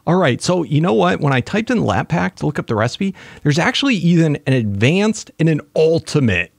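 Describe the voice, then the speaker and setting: Excitable gravelly-voiced man gaming. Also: on the high side, normal speed, few pauses, no room sound, clean studio sound. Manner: excitable, talks to himself while playing. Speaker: gaming channel host. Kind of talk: casual let's-play commentary.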